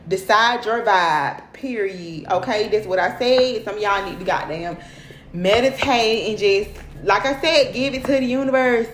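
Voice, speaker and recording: A woman's voice: mid-range voice, a little slow, reverberant, slight background noise. A woman speaking in as the host of a livestream, giving profane motivational talk and repeating "period" and "okay".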